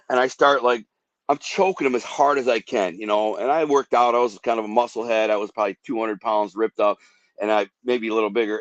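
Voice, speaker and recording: A man's voice: mid-range voice, fairly bright tone, no echo. Man telling a vivid personal story. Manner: vivid, rambling, acts out quoted voices. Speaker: guest telling his story. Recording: dull dry podcast audio.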